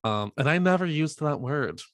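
A man in his twenties in casual conversation, telling lively stories and acting out quoted lines. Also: on the high side, normal speed, dry recording. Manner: animated storyteller, acts out quotes loudly. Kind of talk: casual chat.

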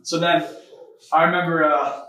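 A young man preaching a testimony sermon, telling stories in a rapid, animated way. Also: on the high side, distant mic. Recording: echoey room, voice from afar.

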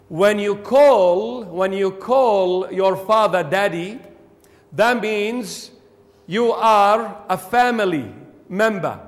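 A man whose first language is Aramaic preaching a sermon, explaining slowly and repeating key phrases for emphasis. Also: high voice, big-room sound. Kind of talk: sermon teaching.

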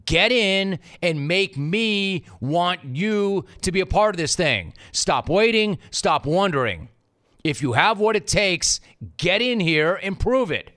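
A man's voice: high-pitched, animated, slow pace, sharp tone. A middle-aged man hosting a sports talk radio show, delivering a sarcastic, mock-indignant rant.

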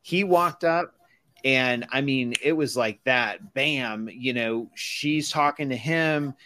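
A man's voice: medium pitch, takes it slowly, pushed and bright, slight background noise. Man podcast co-host telling a casual anecdote; plain mid-range voice, loose and chatty. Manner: storytelling, retells dialogue with many fillers. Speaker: church safety podcast co-host. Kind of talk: casual storytelling chat.

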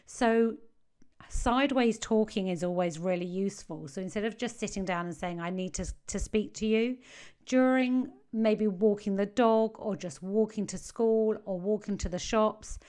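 A woman's voice: mid-range voice, normal speed, dark tone, clear, resonant tone. Earnest woman giving parenting advice. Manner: earnest, emphatic, repeats key phrases. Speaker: parenting coach.

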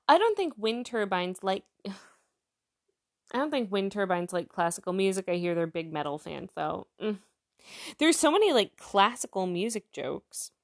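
A woman's voice: mid-range voice, vocal fry. A woman casually telling jokes aloud and chatting about each one as she goes. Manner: chatty, reads jokes aloud and comments on them.

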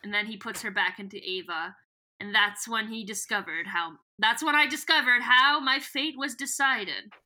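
A young woman co-hosting a laid-back podcast, recapping a story with frequent giggles. Her voice is very bright and sharp, pitched a little high, and she slips in and out of reading characters' lines without fully acting them. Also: moderate pace. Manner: giggly, reads quoted lines in a loose, storytelling way. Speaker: podcast co-host. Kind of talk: casual chat retelling a book.

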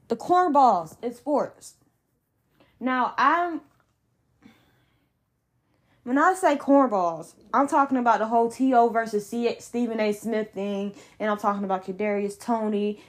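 A young adult woman hosting a solo sports podcast, ranting in a heated, emphatic way with blunt slang. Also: mid-range voice. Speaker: podcast host.

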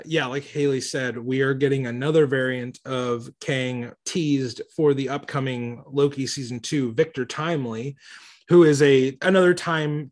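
A man hosting a casual movie podcast, enthusiastic and rambling, often restarting his sentences. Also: medium pitch. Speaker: podcast host.

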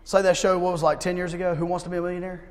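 A man's voice: high-pitched, completely flat delivery, very fast. Man preaching in a reverberant gym. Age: 30s. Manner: conversational, swings between loud emphasis and hushed pleading. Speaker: pastor. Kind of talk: sermon. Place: church service held in a gym.

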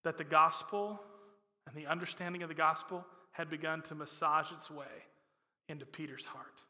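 A male pastor preaching a sermon with a slightly high, bright voice. He talks emphatically and swings from loud lines to hushed ones. The sound rings in the long reverb of a large church hall. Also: fairly even intonation, normal speed.

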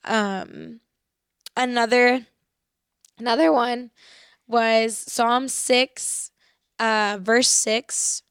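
Earnest woman, faith talk, slightly high voice, dry close sound. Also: fairly even intonation, fairly bright tone, clean tone, dry recording. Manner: earnest, reflective, reads verses slowly. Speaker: faith podcast host. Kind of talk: personal faith talk with scripture reading.

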